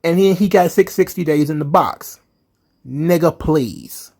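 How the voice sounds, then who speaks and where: Man, fairly high voice, angry ranting commentary, profane, heated, emphatic. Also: unhurried, creaky. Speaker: wrestling commentary vlogger.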